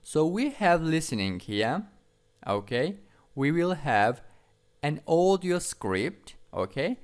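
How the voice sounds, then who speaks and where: A male English teacher, repeating vocabulary words slowly to drill pronunciation in a lesson. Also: a little high, sing-song.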